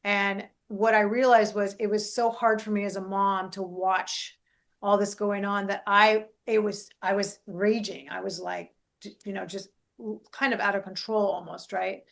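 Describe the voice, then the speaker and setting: A middle-aged woman, a life coach and podcast host, talking in a casual, animated way and often checking in with "right?". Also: mid-range voice, normal speed, vocal fry. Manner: animated, keeps adding "right?".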